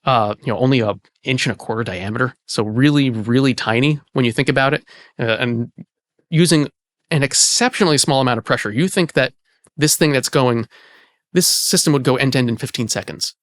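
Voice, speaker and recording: A man's voice: medium pitch, fairly quick, no echo. Dry-sounding man explaining at length. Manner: relaxed explainer with frequent "you know" fillers. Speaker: archivist and host. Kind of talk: explanatory conversation. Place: indoor archive space.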